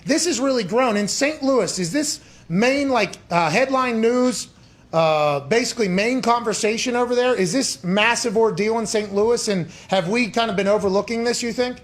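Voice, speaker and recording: A man with a high voice hosting a radio talk show. He asks long, meandering questions in a casual way. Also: moderate pace.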